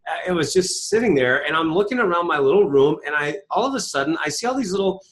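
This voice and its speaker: A man's voice: a little high, lively intonation, quick pace. A middle-aged man, an author and speaker, telling his story as an interview guest with emphatic rhetorical questions. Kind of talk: animated storytelling.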